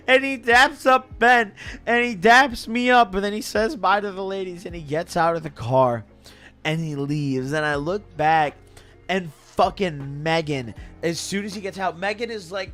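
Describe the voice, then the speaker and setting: A man's voice: sits high, moderate pace, soft background music. A young man, intoxicated, telling a story on a stream in a casual, slangy way and laughing as he goes. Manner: animated, slangy, laughs through his story.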